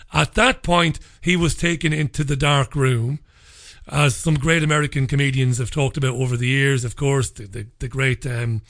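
A male podcast host speaks earnestly, rambling as he works through speculative theories. His voice is pitched fairly high. He talks in a loose, conversational way. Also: fairly bright tone.

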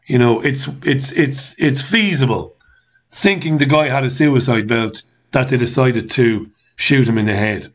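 On a lo-fi recording, a man hosting a talk show rants through listener comments, swearing and repeating rhetorical questions in anger. He speaks a little slowly in a medium pitch.

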